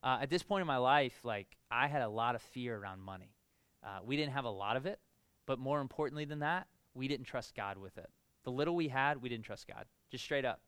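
A pastor preaching a conversational sermon, telling personal stories in a casual, animated way with lots of filler words. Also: male voice, mid-range voice, a little fast, smooth, no room sound.

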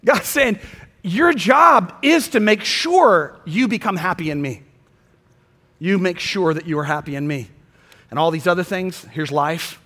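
A man preaching a sermon as a pastor, swinging from soft, quiet passages to loud, fervent peaks. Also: on the high side, in a large hall.

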